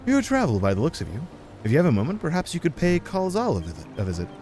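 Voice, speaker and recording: A man's voice: fairly high pitch, huge pitch swings, fast, a little mellow, soft background music, voice pushed up. A man reading lines as a weary, resigned male harbor trader in a video game, in a gloomy, sighing way.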